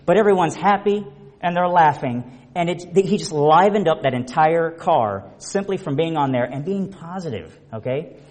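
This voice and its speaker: A middle-aged man preaching a conversational sermon, telling stories in a chatty, animated way with many restarts. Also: a little high, normal speed. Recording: reverberant hall.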